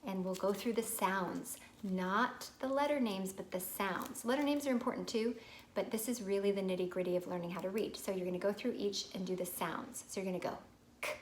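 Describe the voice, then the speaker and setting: A young woman, a teacher, explaining reading tips to parents in a clear, patient way and sounding out words as she would for children. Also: mid-range voice, a little fast, slight background noise. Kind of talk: instructional video for parents.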